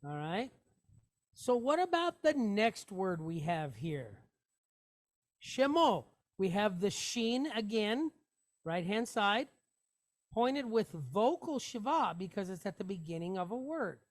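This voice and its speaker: A woman leads a Hebrew reading class at an unhurried, very slow pace. She sounds out every letter and vowel patiently. She repeats each syllable before joining them into a word. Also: mid-range voice, sing-song. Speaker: Hebrew teacher. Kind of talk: reading lesson, sounding out words.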